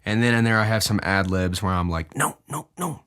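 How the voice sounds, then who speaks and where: Young male podcast host, fairly low voice, lively casual delivery with a swinging pitch. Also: clear, resonant tone. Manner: animated, deliberately shifts his pitch up and down. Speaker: podcast host and music producer. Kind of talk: casual podcast talk explaining his own music.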